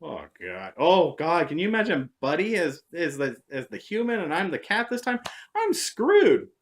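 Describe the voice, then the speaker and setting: A woman telling stories in a casual vlog monologue, sarcastic and animated. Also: normal speed. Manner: animated, sarcastic, jumps between high and low tones. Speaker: vlogger.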